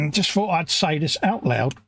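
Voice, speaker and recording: A man from the UK co-hosts a live stream in a relaxed, jokey way, often slipping into voices when he quotes people. His voice is gravelly and husky, and it swings widely in pitch. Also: a little slow, no echo. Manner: jokey, self-mocking, acts out quoted voices. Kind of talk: casual chat.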